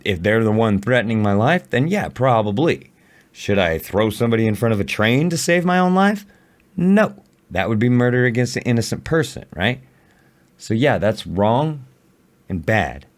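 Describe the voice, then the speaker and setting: A man's voice: fairly low pitch, very animated, moderate pace. A man casually reacting to a video on a livestream, blunt, sarcastic and often swearing.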